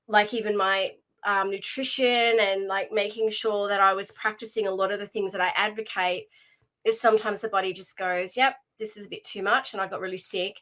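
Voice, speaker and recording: A woman's voice: mid-range voice, bright, forceful tone, poor audio. A woman, a leadership coach chatting as a guest and telling stories with lots of fillers and restarts. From Australia. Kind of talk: casual interview conversation.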